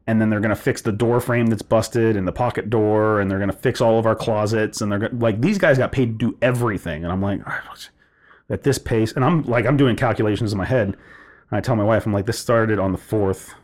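A young man telling a story in casual chat, animated, swearing freely and filling his talk with "like". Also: on the low side, brisk. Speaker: podcast co-host telling a story.

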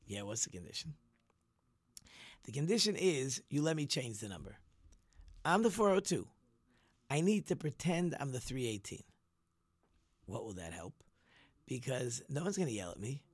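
A man voicing a harried male bus driver who pleads that he cannot change his route and later explains his trick calmly. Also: medium pitch, normal speed, pauses often, husky, no echo. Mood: matter-of-fact. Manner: earnest, pleading, matter-of-fact.

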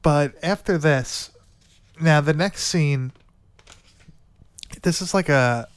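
A man talks through a movie's plot in loose, chatty podcast fashion, tossing in swear words and filler as he goes. His voice is smooth and clear. The sound is dry and close, with no room around it. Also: fairly high pitch, slow pace, no room sound. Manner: rambling, swears often, lots of "like" and "dude". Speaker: podcast co-host. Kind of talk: casual movie recap chat.

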